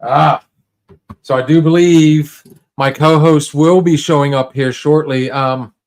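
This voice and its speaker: A man's voice: on the high side, fairly even intonation, measured pace, a little mellow. A man hosting a casual livestream, talking straight to viewers in a laid-back, rambling way full of restarts and fillers. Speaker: livestream host.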